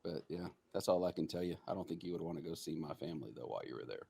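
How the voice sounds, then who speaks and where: A man's voice: a bass voice, animated, racing, creaky, warm tone, slightly rough, no room sound. A man co-hosting a casual podcast, joking and teasing his listeners. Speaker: podcast co-host.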